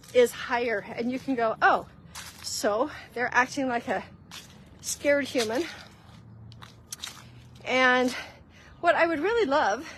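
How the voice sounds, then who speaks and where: A woman with a high, fairly bright voice hosts a faith-based walk-and-talk outdoors, giving spiritual guidance in an earnest, conversational way and calling her listeners "guys." The low-quality recording has a little hiss or hum.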